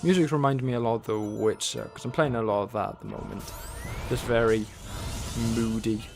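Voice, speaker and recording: A man's voice: fairly low pitch, fairly even intonation, a little fast, gravelly. A man streaming a game, giving casual, wry, rambling commentary as he plays and talks to himself. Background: faint game music.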